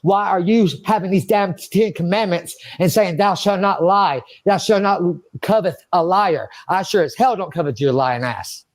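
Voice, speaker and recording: A high-pitched man talks at a moderate pace with few pauses during an emotional interview monologue. Agitated and rambling, he swears and speaks to himself.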